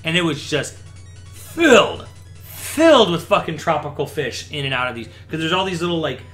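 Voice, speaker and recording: A man's voice: on the high side, very animated, moderate pace, a bit bright, soft background music. A young man in casual chat, telling a vacation story in a rambling, laid-back way full of fillers.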